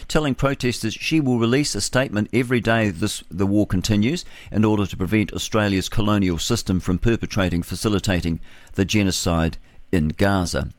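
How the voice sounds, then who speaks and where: A man runs through the news headlines on talk radio. His voice sits low, and the sound is close and dry, with no room in it. He drops in scornful remarks between the stories. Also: fairly quick, no room sound. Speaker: radio host. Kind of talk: reading news headlines with opinionated asides.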